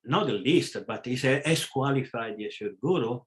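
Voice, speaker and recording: A man with a non-native English accent, giving a spiritual class over a video call. He talks haltingly, with fillers and restarts, and is frank, hitting sudden loud stresses. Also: mid-range voice, animated, poor audio. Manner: halting, with fillers and self-corrections. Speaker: spiritual teacher. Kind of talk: live class lecture.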